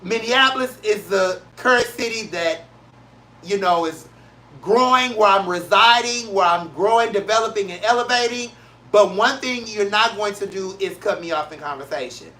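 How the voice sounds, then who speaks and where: A show host from St. Louis rants in a casual, blunt way, hammering his points with repetition. His voice is bright and forward, his delivery emphatic and profane. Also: high voice, moderate pace. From St. Louis, Missouri, USA. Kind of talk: casual solo talk-show rant.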